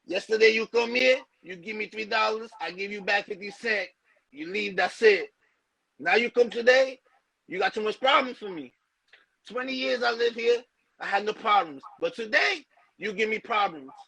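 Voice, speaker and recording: Man doing a high, cranky store owner. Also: moderate pace, creaky, sharp tone, breathy edge, no room sound, full character voice, rough recording. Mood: exasperated scolding. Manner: irritated broken-English scolding. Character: grumpy Spanish-speaking corner store owner, man.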